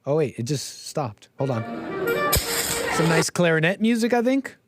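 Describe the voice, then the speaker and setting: A man hosting a live stream in a casual, jokey, animated way, reading out viewer messages and reacting to clips. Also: fairly high pitch, moderate pace, loud music behind the voice. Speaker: livestream host.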